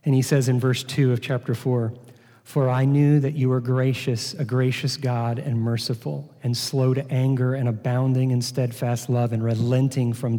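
A man preaching a sermon, teaching from a Bible passage in a slow, earnest way with repeated words. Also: medium pitch, mellow. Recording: long hall reverb.

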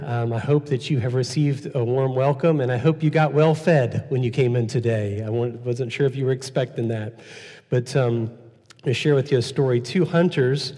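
A man's voice: mid-range voice, dark tone. A man preaching an Easter sermon as pastor, conversational, repeating key phrases and using frequent fillers. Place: church sanctuary. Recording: long hall reverb.

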